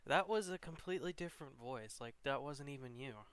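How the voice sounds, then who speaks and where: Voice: mid-range voice, expressive, a little fast, clean tone. A podcast co-host in casual chat, teasing with dry remarks.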